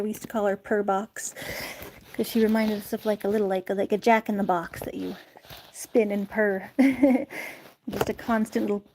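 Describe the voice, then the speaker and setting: A woman's voice: medium pitch, a little mellow, a little hiss or hum. A young woman chatting casually on a live stream while playing with her cats, laughing often and talking sweetly to them. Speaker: vlogger playing with pets. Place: indoors in a warm room.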